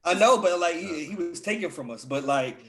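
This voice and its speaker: A young man in easy podcast banter, talking loosely with lots of "like" and "dog". His voice sits a little high for a man, and he sounds keen on what he is saying. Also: animated, a little fast. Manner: loose, filler-heavy, enthusiastic about music. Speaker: podcast co-host. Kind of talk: casual chat.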